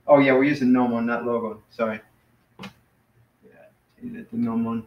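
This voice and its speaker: A man leads a small class with an easygoing manner, stopping to correct himself and filling pauses with "um". His voice rings in a roomy space. The recording sounds dull and lo-fi. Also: medium pitch, creaky. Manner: relaxed, lots of fillers and self-corrections. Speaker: Greek teacher. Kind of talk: casual classroom teaching.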